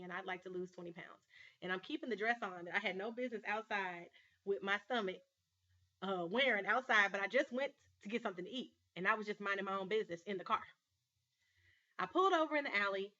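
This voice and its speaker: A woman's voice: mid-range voice, quick pace, bright, forceful tone, dull audio. A woman hosting her own vlog show, talking straight to camera in an earnest, emphatic storytelling manner. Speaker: life coach and show host. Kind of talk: personal vlog monologue.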